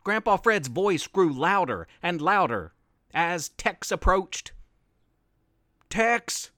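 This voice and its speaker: A male storyteller reads a spooky tale at an unhurried pace. His voice is fairly high and swings widely in pitch, with a dry, close sound. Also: no room sound. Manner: expressive, unhurried reading. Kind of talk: storybook narration.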